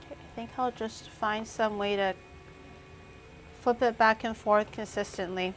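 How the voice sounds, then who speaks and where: A woman's voice: mid-range voice, normal speed, slight background noise. A young woman chatting casually on a cooking livestream, thinking aloud and snapping back at her chat. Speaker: cooking streamer.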